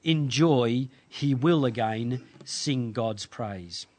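A man preaching a sermon, reading scripture in measured, earnest phrases with deliberate pauses. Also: mid-range voice, a little mellow. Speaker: pastor.

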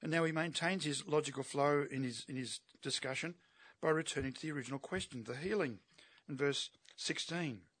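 Emphatic preacher with a higher voice. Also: male voice, fairly quick, a bit bright, no room sound. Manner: emphatic, with rhetorical questions to the listeners. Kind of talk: expository sermon.

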